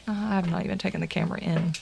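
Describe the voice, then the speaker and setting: A woman's voice: lowish voice, fairly even intonation, rapid-fire, creaky, noisy background. A woman with a Southern American accent, chatting casually and rambling through tangents while streaming a game. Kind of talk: casual chat while gaming.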